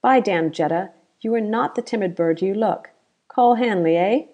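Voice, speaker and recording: A woman's voice: mid-range voice, moderate pace, darkish tone, close to an everyday voice. A woman voicing a boastful drunken bandit chief. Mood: jovial.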